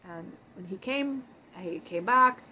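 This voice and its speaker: A woman channeling a grown male spirit who speaks in an earnest, halting, emotional way. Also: mid-range voice, animated, bright, forceful tone, slight background noise, exaggerated voice, low-quality recording. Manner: earnest, halting, emotional storytelling with many restarts.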